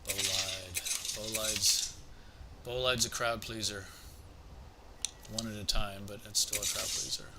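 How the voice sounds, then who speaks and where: A man's voice: on the low side, little pitch movement, takes it slowly, pauses often. A man streaming a game live, muttering to himself, swearing and chatting to viewers. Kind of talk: casual live gameplay commentary. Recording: noisy background.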